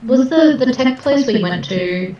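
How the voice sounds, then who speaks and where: Slow-talking woman on an echoey lo-fi mic. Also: sits high, expressive, dark tone. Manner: hesitant, with frequent um. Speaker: player. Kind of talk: casual tabletop game chat.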